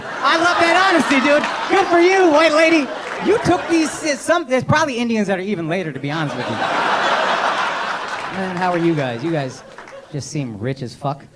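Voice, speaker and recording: A stand-up comedian in his thirties works the crowd at a comedy club, brash and profane, teasing audience members through a handheld mic. His voice sits high. The live set is full of heavy background noise, with loud laughter and clapping from the audience.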